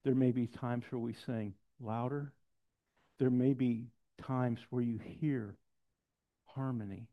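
A pastor preaching a sermon, telling stories with lively quoted voices and dropping to soft, intense passages. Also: male voice, mid-range voice, slow. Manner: storytelling, animated quotes, drops to soft intensity. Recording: dull lo-fi sound.

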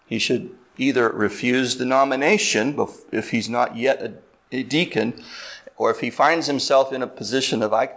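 Male pastor, earnest sermon delivery, slows down for emphasis, mid-pitched voice. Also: a bit bright. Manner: earnest, deliberate preaching with slow emphatic stretches; explains words step by step, asks listeners "right?".

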